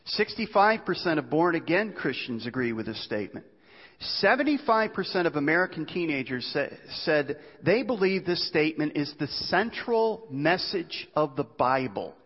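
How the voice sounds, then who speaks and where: A man's voice: on the high side, big pitch swings, moderate pace, slightly rough. A male preacher giving a sermon, telling stories in a conversational way and asking the listeners rhetorical questions. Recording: long hall reverb, dull sound.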